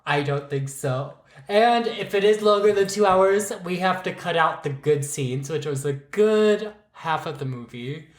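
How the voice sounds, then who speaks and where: A man's voice: on the high side, expressive, unhurried, hardly any pauses. A man from Pittsburgh co-hosting a podcast, joking in a casual, sassy way with slang. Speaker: podcast co-host. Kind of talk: casual chat. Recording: echoey room.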